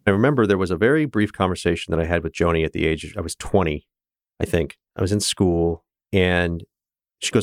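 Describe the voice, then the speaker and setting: Low-voiced earnest man from Kansas. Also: fairly quick, no room sound, studio quality. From Kansas, USA. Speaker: interview guest. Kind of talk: personal storytelling in conversation.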